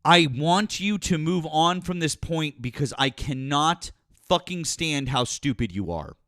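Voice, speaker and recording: Brief: high-pitched male talk host, combative and profane, dry close mic. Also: animated, a little slow, a bit bright, no echo. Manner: combative, profane, berating and repeating himself. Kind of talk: heated call-in political talk.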